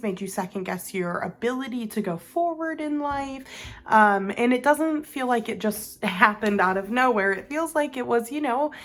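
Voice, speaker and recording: Woman doing a casual tarot reading, rambly and chatty, lots of ums. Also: a little high. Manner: chatty, rambling, filler-heavy, laughs at herself. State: has the hiccups. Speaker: tarot reader.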